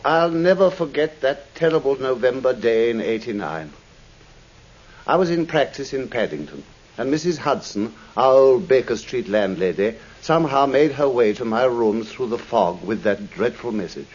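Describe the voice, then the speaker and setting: An actor playing an anxious Victorian doctor who narrates earnestly and urges others on, in a 1950s radio drama. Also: male voice, mid-range voice, expressive, moderate pace, darkish tone, breathy edge. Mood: narrating. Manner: urgent, earnest storytelling. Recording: dull lo-fi old radio recording with hiss.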